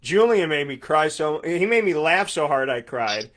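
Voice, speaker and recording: A man's voice: on the high side, lively intonation, moderate pace, fairly bright tone. A man in his thirties from upstate New York hosting a morning sports talk show, upbeat and effusive, repeating words for emphasis. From Syracuse, New York. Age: 30s. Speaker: sports radio host.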